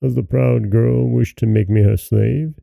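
A man voicing a suspicious, quick-tempered old king in a fairy tale reading, with a gravelly, very dark voice. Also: mid-range voice, fairly even intonation, no room sound. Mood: furious. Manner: stern, demanding questions.

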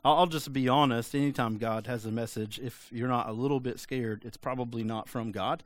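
A man's voice: mid-range voice, fairly even intonation, brisk, dry recording. Casual joking male preacher. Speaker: pastor. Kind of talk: sermon.

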